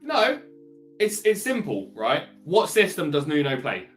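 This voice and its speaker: A man co-hosting a casual fantasy football podcast, calmly laying out his options one by one with a dry sense of humour. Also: a little high, measured pace, soft background music. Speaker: podcast co-host.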